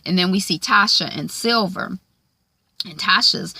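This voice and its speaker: A woman's voice: medium pitch, unhurried, sharp tone, husky, no echo. A woman casually recapping a TV episode, chatty, with lots of "um" and "like", acting out the characters' lines. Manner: chatty, frequent "um" and "like", acts out quoted lines.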